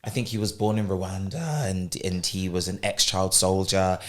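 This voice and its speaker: A young man from England, a guest actor, chatting in a relaxed, storytelling way. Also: sits low, normal speed. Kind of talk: casual interview chat.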